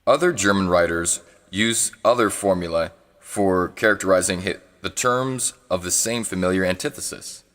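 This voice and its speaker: In a large hall, a man with a low, slightly bright voice reads from a philosophy book live. He goes haltingly, backs up to correct mistakes, and pauses for asides when foreign words trip him up.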